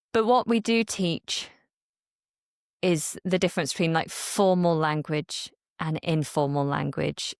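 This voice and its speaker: A young adult woman from Manchester with a modern RP accent, speaking as a podcast guest and accent coach in a thoughtful, measured way. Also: low voice, gravelly, no echo, studio quality. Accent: modern RP English. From Manchester, England. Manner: thoughtful, measured, with small restarts. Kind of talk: podcast interview.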